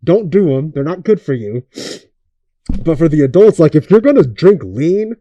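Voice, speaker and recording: A young man with a dark, mellow voice, pitched a little high for a man. He rants through a casual podcast, swearing freely and firing off rhetorical questions. The sound is dry and close. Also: big pitch swings, normal speed, dry recording, highs cut off. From Oakland area. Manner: profane, ranting, rhetorical questions. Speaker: podcast host.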